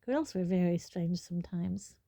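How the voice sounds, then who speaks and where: A woman narrates a storybook in a steady, even way. Her voice is mellow and warm, and the sound is close and dry. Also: on the low side, moderate pace, creaky, no room sound. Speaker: audiobook reader.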